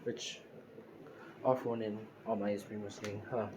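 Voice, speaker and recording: A man telling an improvised fan story out loud, rambling with lots of fillers and restarts. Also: lowish voice, level tone, moderate pace, noisy background.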